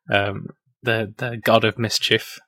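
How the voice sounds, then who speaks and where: A man's voice: on the low side, sharp tone, dry recording. A man hosting a casual film review chat, rambling and laughing as he acts out quotes.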